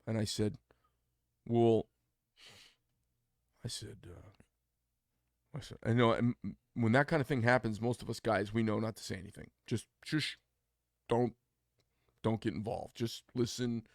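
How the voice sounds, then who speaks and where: Gravelly man, mid pitch, blunt podcast storyteller, dry close mic. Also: a little slow, pauses often, no echo. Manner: blunt, opinionated, acts out quoted dialogue. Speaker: podcast co-host. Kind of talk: casual storytelling chat.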